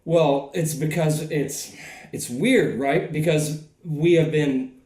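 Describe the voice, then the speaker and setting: A man's voice: on the high side, takes it slowly, a little mellow, echoey room. A man with a Southern US accent, rambling and swearing in a casual podcast chat, full of fillers. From American South. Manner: profane, rambling, filler-heavy. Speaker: podcast host.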